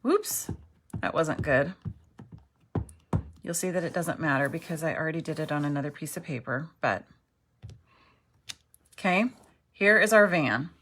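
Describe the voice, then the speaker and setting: A woman's voice: low voice, moderate pace, pauses often, fairly bright tone, slight background noise. A middle-aged woman teaching a card-making craft tutorial, chatty and self-deprecating, often checking in with "okay". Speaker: craft instructor.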